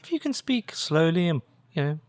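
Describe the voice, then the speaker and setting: A man's voice: on the high side, very animated, normal speed, darkish tone, no room sound, clean studio sound. A man with a British accent hosting a podcast interview, casual and chatty. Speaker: podcast host. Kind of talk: interview conversation.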